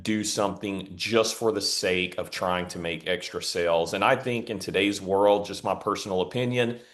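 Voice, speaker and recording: Low-voiced chatty male podcast host. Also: fairly even intonation, normal speed. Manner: chatty storyteller with fillers and warm affirmations. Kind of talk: casual interview talk.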